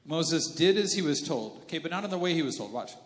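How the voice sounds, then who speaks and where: A male pastor preaching a sermon in a casual, animated, conversational way. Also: fairly high pitch, fast. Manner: conversational and animated, slips into character voices. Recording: reverberant church hall with faint music.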